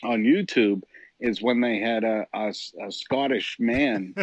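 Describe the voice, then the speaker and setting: A Canadian man co-hosting a tech chat, talking in a relaxed, hesitant way with many fillers. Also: medium pitch, a little slow, vocal fry, dry recording. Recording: dry, dull lo-fi line.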